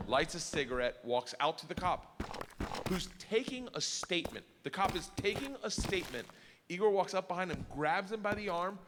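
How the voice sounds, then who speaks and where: A man doing stand-up comedy on a live stage, telling a story with animated energy and punchlines shouted out. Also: fairly high pitch, a little fast, in a large hall, background noise.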